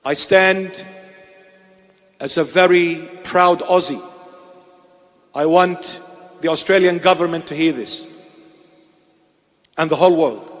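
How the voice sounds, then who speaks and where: Preacher, man, high and light voice, emphatic and repetitive, long hall reverb. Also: takes it slowly, pauses often, fairly bright tone. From Iraq. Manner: emphatic, repeating phrases for weight. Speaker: bishop preaching. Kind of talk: sermon address. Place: church.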